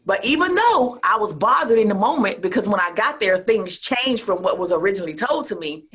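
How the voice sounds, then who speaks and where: Woman, husky, casual interview chat, acts out quotes, whispers and exclaims. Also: mid-range voice, fairly quick. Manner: animated storyteller who acts out quotes, dropping to a whisper and rising to near shouts. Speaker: interview guest, speaker and coach.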